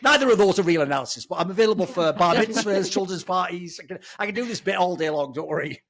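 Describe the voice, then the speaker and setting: A man's voice: high voice, expressive, quick pace, fairly bright tone. A man, an esports pundit rambling irreverently in casual podcast chat, sometimes swearing.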